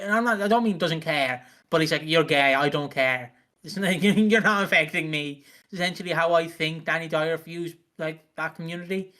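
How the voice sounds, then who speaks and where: A man's voice: a little high, fairly bright tone. A man co-hosting a podcast, chatting casually, laughing often and swearing freely. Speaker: podcast co-host.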